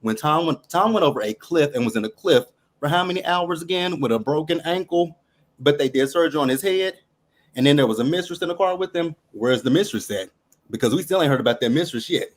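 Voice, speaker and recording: A man calling in to a talk show, chatting casually and making his points emphatically with a string of rhetorical questions. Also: a little high. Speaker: caller. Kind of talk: casual chat.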